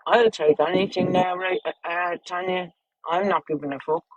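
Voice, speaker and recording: A woman's voice: on the low side, fairly even intonation, normal speed, highs cut off. An Irish woman with children, chatting bluntly and crudely on a casual livestream, rambling from topic to topic. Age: adult, with children.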